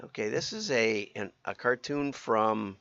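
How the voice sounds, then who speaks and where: A man hosting a casual livestream with a gravelly, bright voice. He rambles, restarts his sentences and chuckles as he goes. The audio is dry and a little dull. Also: lowish voice, expressive, unhurried, no room sound. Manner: rambling, self-correcting, chuckling. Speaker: livestream host.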